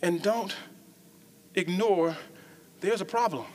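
A woman preaching a lively sermon with call-and-response lines, breaking into shouts and joking asides. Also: fairly low pitch, takes it slowly.

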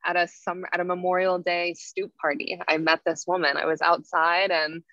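A woman's voice: on the low side, little pitch movement, normal speed, fairly bright tone, dry recording. A young woman, a yoga teacher telling stories in a casual interview, full of "like" fillers. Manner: chatty, frequent "like" fillers. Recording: dull lo-fi sound.

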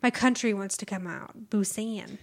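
A woman co-hosting a casual gaming podcast, reacting and teasing her co-host in quick banter. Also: medium pitch, steady tone. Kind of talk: casual esports podcast chat.

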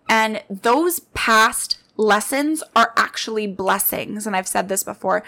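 A woman in her late twenties hosts her own podcast, speaking in a fairly high voice. She shares personal stories in an earnest, heartfelt monologue and addresses her listeners directly. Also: a bit bright. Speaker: podcast host.

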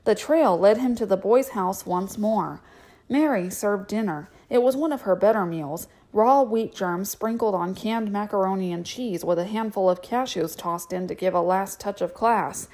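A woman's voice: mid-range voice, moderate pace, darkish tone. Woman reading a novel aloud. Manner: chatty, filler-heavy asides. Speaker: reader. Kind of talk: audiobook reading with casual asides.

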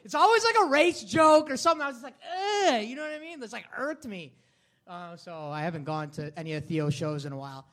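A man co-hosting a live podcast in a comedy club, excitable and swearing a lot, with sudden loud outbursts. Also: high-pitched, quick pace. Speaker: podcast co-host.

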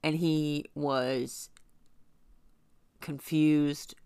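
A young woman with a lowish voice tells a personal story off the cuff. She is blunt and swears freely, rambling with plenty of fillers and restarts. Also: steady tone, extremely slow, darkish tone, clean tone, no room sound.

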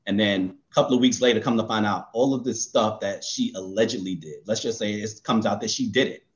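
A man co-hosting a casual podcast chat, animated and often laughing as he acts out what he would say. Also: on the low side, fairly quick, dull audio. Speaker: co-host.

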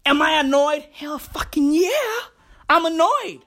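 Brash high-voiced woman ranting. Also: animated, unhurried, fairly bright tone, faint music behind. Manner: brash, swaggering, expletive-heavy bro talk. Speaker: comedian. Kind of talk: profane comic rant.

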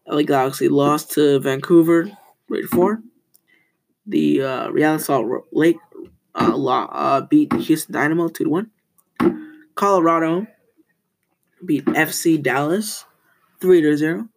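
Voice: mid-range voice, vocal fry, slight background noise, poor audio. A teenage student hosting a casual school podcast, rambling, often correcting themselves and telling corny jokes.

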